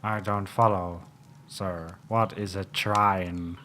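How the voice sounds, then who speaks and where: A man's voice: low voice, steady tone, slow, sharp tone, a little hiss or hum. A man commentating a video game playthrough, making mocking jokes in a theatrical way. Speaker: gaming channel host. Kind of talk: let's play commentary.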